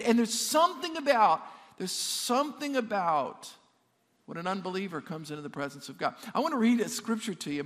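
A man's voice: high voice, fairly bright tone. A male pastor preaching a sermon, emphatic, often repeating words as he builds up and joking with the congregation. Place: church sanctuary. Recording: long reverb of a church hall.

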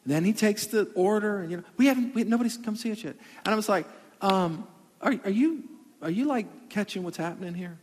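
A man preaching a sermon as a pastor, telling a story in an animated way with comic asides. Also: high-pitched, fairly quick. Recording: long hall reverb.

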